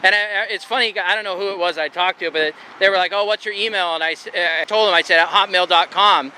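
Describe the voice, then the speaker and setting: Chatty man, bright high voice, outdoor camera audio with faint traffic behind. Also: steady tone, quick pace. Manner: chatty, rambling, laughs often. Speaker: YouTube auditor filming in public. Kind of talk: casual chat to camera and with an officer. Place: outdoors on a sidewalk by a road. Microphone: handheld camera mic.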